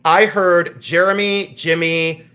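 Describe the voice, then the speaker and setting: A man hosting a live sale stream, telling stories in a blunt, animated way with mild swearing. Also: high-pitched, takes it slowly. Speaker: live auction seller. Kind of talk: casual live-stream chat.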